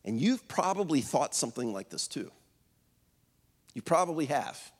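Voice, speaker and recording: Conversational pastor in a reverberant hall. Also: male voice, on the high side, sing-song, normal speed, husky. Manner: conversational, storytelling with many fillers and restarts. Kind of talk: sermon. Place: church auditorium.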